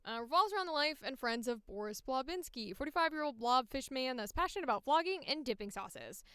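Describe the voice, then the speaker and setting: A woman's voice: high-pitched, expressive, brisk, fairly bright tone, clear, resonant tone, no room sound, studio quality. A woman voice actor chatting casually on a livestream, reading casting briefs aloud with playful asides.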